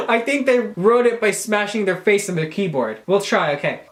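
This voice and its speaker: A man's voice: high-pitched, animated, moderate pace, few pauses. A man reading a badly written fanfiction aloud for a comedy video, breaking off with sarcastic, incredulous remarks and swearing. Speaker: YouTuber. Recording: echoey room with guitar music behind.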